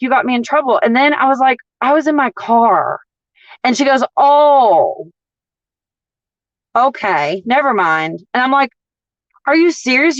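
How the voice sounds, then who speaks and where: A fairly high-voiced woman rants bluntly in a casual livestream, swearing freely and acting out her stories with animation. The sound is dry and a little dull. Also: no echo. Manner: blunt, profane, animated storytelling. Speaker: couponing vlogger.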